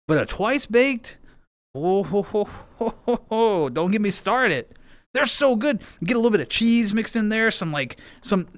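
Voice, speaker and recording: A man's voice: sits high, fairly bright tone, clean tone, no room sound. A man streaming, chatting casually and rambling playfully to his viewers while playing a game. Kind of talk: casual chat with chat.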